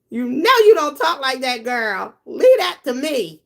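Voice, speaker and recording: A woman's voice: on the high side, expressive, normal speed, hardly any pauses. A woman hosting a live stream, reading her chat aloud and gossiping bluntly and profanely, laughing often and talking straight to her viewers. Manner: talks directly to her viewers. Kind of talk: casual live-stream commentary.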